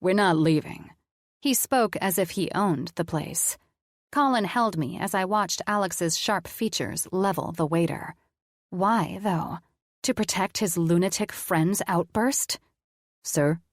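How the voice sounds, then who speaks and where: A woman reading a first-person audiobook with a candid, conversational and blunt delivery. Her voice sits low and the recording is very dry and close. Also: a little slow, no echo. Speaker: audiobook narrator.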